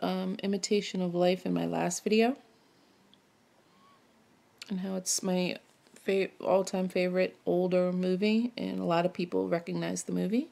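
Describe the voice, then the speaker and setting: A woman's voice: lowish voice, gravelly, mellow. A woman from Maryland chatting casually while she stitches, rambling and musing aloud with lots of self-questions. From Maryland, United States. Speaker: cross-stitch vlogger.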